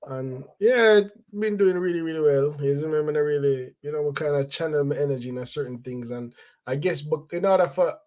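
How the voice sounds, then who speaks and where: A man's voice: on the high side, a little fast, darkish tone. Laid-back male football show host. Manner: laid-back, conversational, repeats phrases, sprinkles slang. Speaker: host of a football fan channel. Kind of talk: casual solo talk show.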